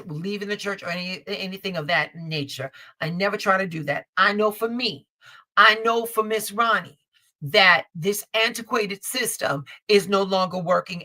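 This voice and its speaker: A tarot reader from Chicago hosts a live stream, her medium-pitched voice pushed and bright. Her casual chat is blunt, profane, and emphatic storytelling, full of swearing and repeated phrases.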